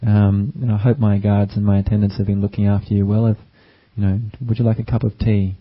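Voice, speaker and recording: A man voicing a wise emperor who greets a guest with warm hospitality. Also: on the low side, level tone, fairly quick, lightly acted. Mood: welcoming. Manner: warmly welcoming, hospitable. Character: wise, gracious old-world emperor. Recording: dull lo-fi recording.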